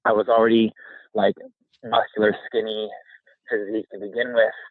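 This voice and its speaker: A man in his thirties, a guest in a casual interview, rambles energetically with plenty of fillers while sitting by a campfire outdoors in freezing weather. His low, husky voice shakes a little from the cold, at a normal pace. The dry recording sounds thin and tinny, like a phone line.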